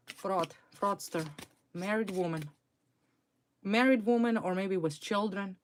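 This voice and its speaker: A woman's voice: medium pitch, unhurried. A woman reading tarot cards for viewers, talking emphatically and indignantly and repeating her key words. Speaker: tarot reader.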